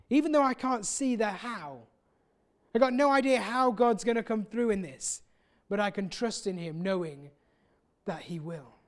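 A man preaching a sermon, earnest and personal, often pausing and restarting his sentences. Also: high-pitched. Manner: earnest, with many pauses and restarts.

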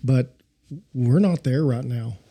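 A man's voice: mid-range voice, slow pace, warm tone, husky. A man co-hosting a casual chat, speaking in an earnest, reflective way. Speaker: podcast co-host.

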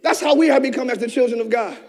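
A man with a strikingly high voice preaches a fervent sermon, rising to shouts and dropping to near whispers. His words ring out with a long echo through a church hall. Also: fast talker. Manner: passionate preaching, swinging between shouted peaks and hushed asides. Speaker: pastor.

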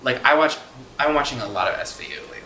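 A man's voice: mid-range voice, lively intonation, rapid-fire, bright, forceful tone, a little hiss or hum. A man co-hosting a podcast, rambling casually and thinking aloud with many restarts. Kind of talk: casual chat. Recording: echoey room.

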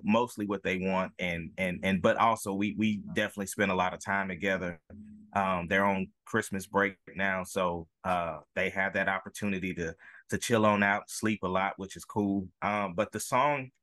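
Laid-back low-voiced man, dry sound. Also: no room sound. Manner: relaxed, easygoing, many fillers. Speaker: singer, podcast guest. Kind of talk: casual interview.

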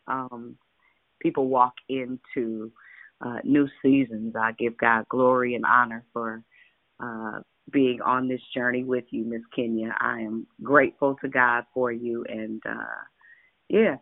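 Gravelly-voiced woman pastor on a phone line. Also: extremely low pitch, dry recording. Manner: affectionate, calls callers babe and sugar. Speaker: pastor hosting a prayer line. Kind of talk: casual prayer-line chat. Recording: dry tinny phone line.

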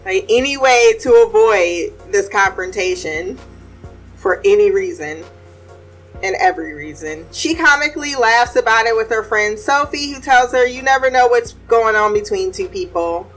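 A woman's voice: medium pitch, normal speed, fairly bright tone, soft background music. A woman hosting a casual TV recap, blunt and profane, laughing often as she reviews an episode. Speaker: TV recap podcast host.

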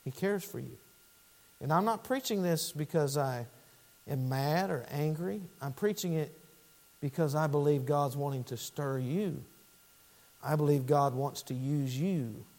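A pastor preaching a sermon with fervour, dropping to quiet pleading and then rising to loud urgency. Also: male voice, fairly high pitch, measured pace. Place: church sanctuary. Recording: long church hall reverb.

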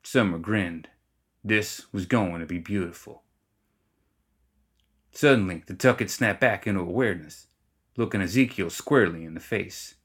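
A man narrates a fantasy tale in a low voice with a wry, even delivery. He reads smoothly, letting the comic lines land without fuss. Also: moderate pace, pauses often. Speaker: audiobook reader. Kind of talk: scripted fiction narration.

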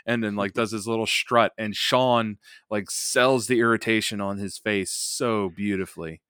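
A man co-hosting a podcast, chatting casually and excitedly about a wrestling match, with lots of fillers and restarts. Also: on the low side, moderate pace, clean tone, no room sound, clean studio sound. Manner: animated, rambling with many fillers. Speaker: podcast co-host.

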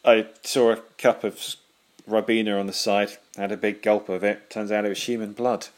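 A man co-hosting a podcast, chatting casually in a deadpan, joking way. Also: fairly low pitch, moderate pace. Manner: deadpan, joking, absurd banter. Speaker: podcast co-host. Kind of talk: casual chat.

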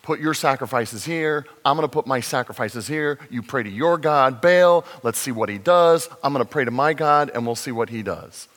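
A man's voice: mid-range voice, moderate pace, hardly any pauses, fairly bright tone, lightly acted. A man playing a bold, sarcastic male prophet who taunts and challenges his rivals. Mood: challenging. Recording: long reverb in a large hall.

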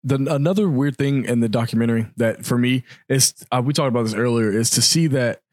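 A man's voice: mid-range voice, brisk, darkish tone, no echo, clean studio sound. A man co-hosting a casual podcast chat, rambling thoughtfully and searching for words. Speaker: podcast co-host.

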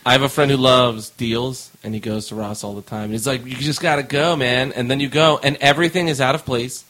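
A young man talks on a podcast in a mid-pitched voice. He rants about movies and shopping in a blunt, emphatic way. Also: brisk, fairly bright tone, rough recording. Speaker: podcast co-host. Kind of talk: casual chat.

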